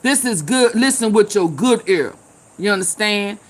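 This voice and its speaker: A tipsy woman, hosting a casual live chat, loud and laughing, swearing and calling out viewers by name. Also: medium pitch, animated, measured pace. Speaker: live stream host.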